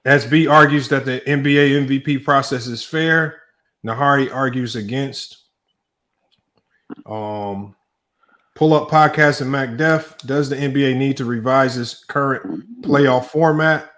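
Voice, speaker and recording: A man hosting a debate stream, casually reading out matchups and topics and talking in relaxed slang. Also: medium pitch, unhurried. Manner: relaxed, slangy, thinks aloud. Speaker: debate show host. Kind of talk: casual livestream chat, reading out a list.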